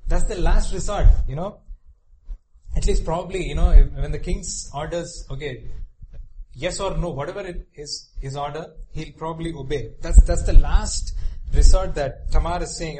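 A man's voice: a little high, normal speed, noisy background. A man preaching a sermon earnestly, restarting phrases often and turning to his listeners. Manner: earnest, repetitive, with frequent restarts and you-knows.

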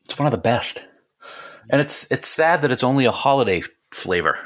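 Playful, bright-voiced podcast cohost man. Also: mid-range voice, lively intonation, moderate pace. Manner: playful, laughs often. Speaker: podcast co-host. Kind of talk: casual chat.

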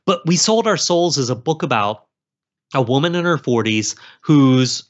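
A man chats as a guest in a casual interview, rambling and animated, piling up fillers and restarts. His voice sits at an ordinary middle pitch. The sound is a little dull and lo-fi. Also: normal speed. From South Carolina. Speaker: author guest.

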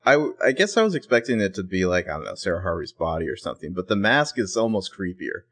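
A man with a very low voice co-hosts a casual podcast. He walks through each scene in detail, with a dry, playful delivery. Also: big pitch swings, fast, fairly bright tone. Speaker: podcast co-host. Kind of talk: casual recap chat.

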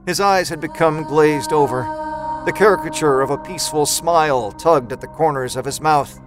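A man narrating a horror story in a measured, dramatic storytelling manner. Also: on the high side, poor audio. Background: music score.

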